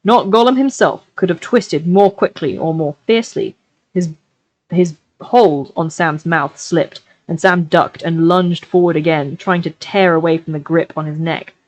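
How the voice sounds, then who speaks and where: A woman reading a novel aloud on a live stream, with expressive delivery that slows down for dramatic passages. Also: lowish voice, no echo, rough recording.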